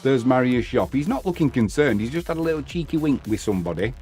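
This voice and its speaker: A man's voice: medium pitch, expressive, fast, darkish tone. Casting: man, live football watch-along host, easygoing chat with viewers, faint music underneath. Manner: chatty, reads out viewer comments between plays.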